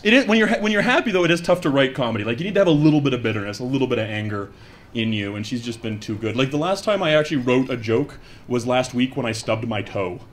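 A man's voice: mid-range voice, expressive, fast. A man doing a stand-up comedy set on stage, chatty and self-mocking, acting out quoted voices into a handheld mic. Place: comedy stage before a live audience.

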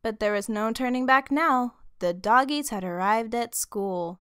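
Lively woman reading a children's book. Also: on the high side, measured pace, clear, resonant tone. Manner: lively, expressive. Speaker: storybook reader. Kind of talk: children's story read-aloud.

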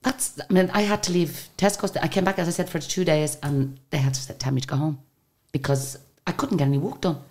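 An Irish woman with a notably deep voice tells a story as an interview guest. She talks in a chatty, rambling way, full of asides and restarts. She slips into the voices of the people in her tale as she goes. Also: fairly quick, hardly any pauses. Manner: lively storyteller who acts out the people she quotes.

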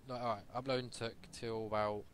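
An excitable man talking through his gameplay, swearing freely and firing off quick callouts to teammates. His voice sits at an ordinary male pitch. Mouse and keyboard clicks rattle through a noisy capture. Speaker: gamer recording gameplay. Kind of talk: casual gameplay commentary with team callouts.

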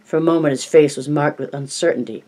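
A man narrating a novel in an even, measured storytelling voice. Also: fairly high pitch, low-quality recording. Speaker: audiobook narrator.

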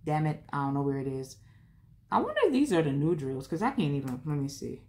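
A woman's voice: sits low, sing-song, a little fast, a little mellow. A woman hosting a home vlog, chatting casually and candidly while she crafts, rambling and talking to herself as she works. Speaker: vlog host.

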